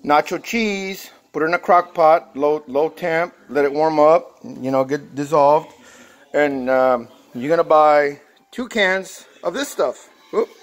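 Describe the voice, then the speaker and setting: A man from Texas with a Texan accent, casually talking through a recipe at his workplace in a rambling, folksy way full of fillers. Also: on the high side. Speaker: mechanic shop worker sharing a recipe. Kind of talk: casual how-to vlog.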